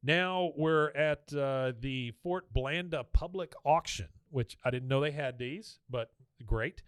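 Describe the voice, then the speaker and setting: A man's voice: on the high side, takes it slowly, smooth, no room sound, clean studio sound. A man hosting a podcast, chattily retelling a cartoon episode scene by scene with fillers. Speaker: podcast host. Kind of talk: casual episode recap.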